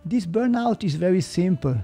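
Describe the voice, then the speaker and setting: A man with a Swiss German accent, a podcast guest who explains calmly and hesitantly and sometimes searches for English words. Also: high voice, moderate pace, breathy edge, faint music behind. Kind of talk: reflective podcast conversation.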